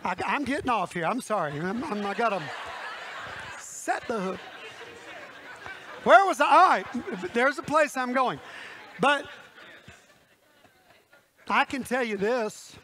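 A man preaching a folksy sermon with a high, bright voice that cuts through. He talks straight to the congregation in the church, animated and chatty. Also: slow pace, long pauses, a faint crowd, a little hiss or hum.

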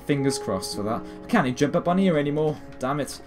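A man's voice: on the high side, animated, fast talker, music in the background. A British man in his late teens, rambling and self-mocking through gameplay commentary. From Britain. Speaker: gaming video host.

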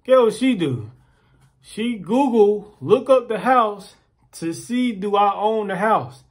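A man's voice: sits high, slow, husky. A man ranting casually to the camera, acting out quoted voices and repeating himself as he tells stories. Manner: animated storytelling, acts out quoted voices, repeats words. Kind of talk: casual rant.

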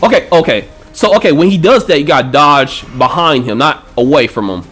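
Guy yelling at a video game, high voice jumping all over, swears a lot, faint music behind. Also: a little fast, husky. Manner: excitable, swears and trash-talks enemies; frequent panicked outbursts. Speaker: gaming channel host. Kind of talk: live gameplay commentary.

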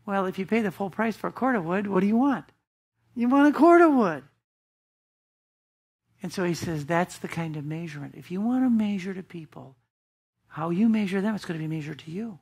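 A woman's voice: medium pitch, expressive, brisk, creaky, long pauses, darkish tone, slightly rough. A woman pastor preaching a sermon in a church, emphatic and asking the congregation rhetorical questions.

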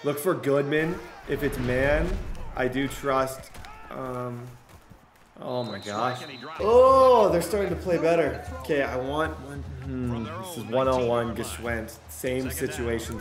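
A young man giving excitable commentary while playing a football video game, often bursting into loud shouts over big plays. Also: medium pitch, measured pace, a crowd in the background. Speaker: gaming YouTuber. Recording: echoey room with game music behind.

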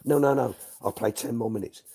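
A man doing a put-on Italian accent to voice an excitable, generous Italian male footballer. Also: medium pitch, fairly quick, gravelly, breathy edge. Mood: eager.

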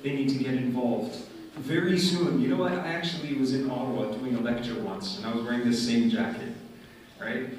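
A man's voice: medium pitch, darkish tone, a little hiss or hum. A man giving an earnest, story-driven speech at a community event in a large mosque hall. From Canada. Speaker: guest speaker. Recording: echoey hall heard from far off.

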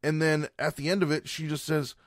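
A man's voice: fairly high pitch, level tone, brisk, no room sound, studio quality. Blunt, foul-mouthed male podcast host. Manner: profane, blunt, exasperated storytelling. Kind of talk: casual podcast rant.

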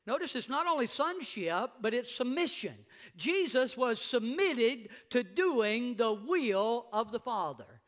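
A middle-aged man preaching a sermon as pastor in a church, emphatic, slowing down to stress words and rising to shouts. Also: very high-pitched, very animated. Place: church sanctuary.

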